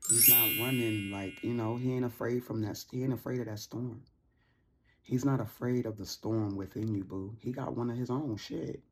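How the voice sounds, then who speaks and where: A woman giving a casual tarot reading, talking in an animated, slangy, playful way and laughing often. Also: rumbling low, normal speed, noisy background. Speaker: tarot reader.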